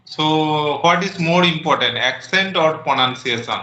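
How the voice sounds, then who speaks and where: Man, rather high and very bright voice, echoey room. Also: highs cut off, slight background noise. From India. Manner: fills pauses with "okay". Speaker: podcast guest. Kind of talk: casual conversation.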